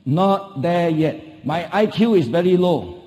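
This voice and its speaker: A man's voice: high voice, lively intonation, slow pace, mellow. A middle-aged man with a Singaporean English accent giving a motivational keynote, emphatic, repeating key phrases and throwing rhetorical questions at the audience. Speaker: motivational speaker. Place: large conference hall. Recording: long hall reverb.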